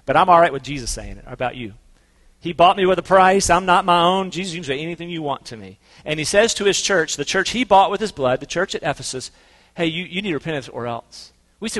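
An earnest man leading a congregation, his voice pitched slightly above the usual male range. He moves between quiet, intimate stretches and emphatic, urgent lines. He sounds like a pastor speaking in a church. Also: animated, fast. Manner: earnest, swings from soft to emphatic. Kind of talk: sermon and closing prayer.

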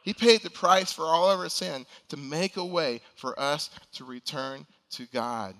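A pastor preaches in a church sanctuary with earnest, pleading intensity, his bright, forceful voice a little high and kept to a measured pace. He rises to emphatic appeals as he goes. Each phrase trails off in long reverb, like a large hall.

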